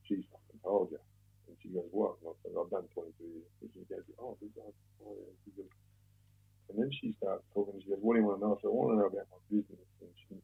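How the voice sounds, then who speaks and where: Rapid, deep Australian bloke on a phone line. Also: male voice, vocal fry, husky. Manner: rambling, heavy swearing, blokey. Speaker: podcast guest. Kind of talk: casual storytelling interview.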